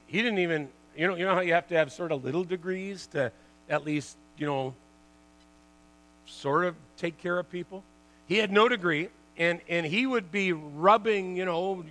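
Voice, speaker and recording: A man's voice: sits high, rough recording. Chatty older man telling stories. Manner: chatty, lots of "you know" and "like"; animated, laughs at his own stories. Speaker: former pro hockey player giving a talk. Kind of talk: storytelling talk to an audience.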